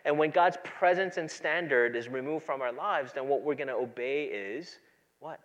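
A pastor preaching a sermon, moving between quiet, low asides and loud, emphatic passages. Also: male voice, moderate pace, muffled recording.

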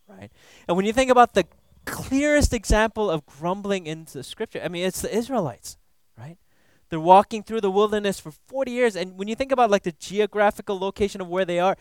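High, smooth-voiced casual preacher man. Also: no echo. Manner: casual, frequent "you know" and "right?" asides; playful, laughs at his own jokes. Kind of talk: conversational Bible teaching sermon.

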